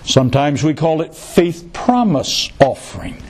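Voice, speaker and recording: A man's voice: on the high side, very animated, unhurried. A male pastor preaching a sermon, who repeats key phrases for emphasis and adds joking asides.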